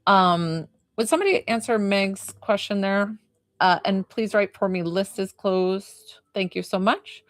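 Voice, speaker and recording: A young woman talks through a live psychic reading, wandering in loose rambling sentences with lots of hesitant fillers. Her voice sits at an ordinary middle pitch. The sound is dry and close, with no room echo. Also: a little slow. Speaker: psychic medium.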